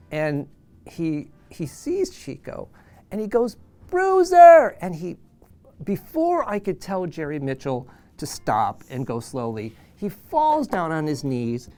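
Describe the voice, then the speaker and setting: A man in his sixties, an animal trainer, telling an anecdote in an animated way and acting out the voices of the people in it. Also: on the high side. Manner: animated, acts out quoted voices. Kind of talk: storytelling anecdote.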